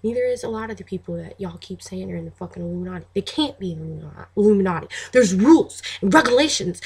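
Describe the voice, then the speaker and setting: A woman vlogger ranting to her camera in a profane, animated way, laughing often and swinging between loud outbursts and near-whispers. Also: medium pitch, racing, hardly any pauses, husky. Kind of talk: casual rant to camera.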